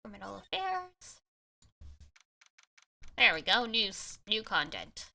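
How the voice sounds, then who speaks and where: Bright, lively woman streamer. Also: medium pitch, slow pace, creaky. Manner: playful and expressive, reading text with commentary. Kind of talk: reading game dialogue aloud on stream.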